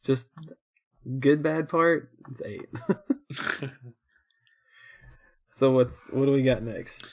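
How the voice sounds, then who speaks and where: A man's voice: medium pitch, very slow, gravelly, pauses often, a little mellow. Laughing, rambling young man. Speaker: co-host. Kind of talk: casual chat reviewing shows.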